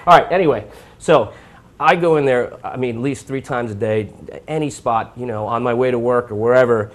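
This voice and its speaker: A young man from New York talks his viewers through a recipe in a relaxed, chatty way. His voice sits in a middle pitch. He narrates each step as he cooks live. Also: brisk. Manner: chatty, informal, talks while cooking. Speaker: cooking show host. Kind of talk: live cooking demonstration. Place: home kitchen.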